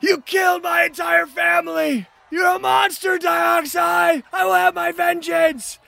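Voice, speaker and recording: Brief: man voicing terrified shouting villagers, shrill and high. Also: little pitch movement, unhurried, gravelly, heavily acted. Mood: panicked. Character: panicked, vengeful village townsfolk screaming.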